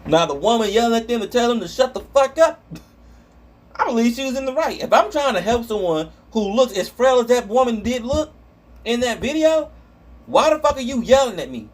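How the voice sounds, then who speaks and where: A man's voice: very high-pitched, sing-song, normal speed. A man vlogging about online comments, ranting angrily and profanely and stumbling over his words.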